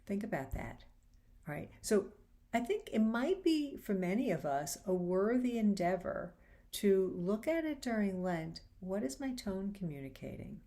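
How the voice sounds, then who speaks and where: A woman hosting a faith-based advice show, talking casually and acting out quoted lines with animated shifts in voice. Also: medium pitch, a little slow. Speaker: host.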